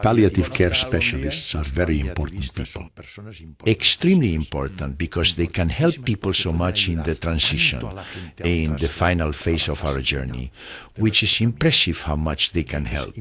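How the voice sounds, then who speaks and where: Deep-voiced older man, calm and earnest. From Spain. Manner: calm, earnest, reassuring explanations. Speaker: interview guest, retired surgeon. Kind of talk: interview answers.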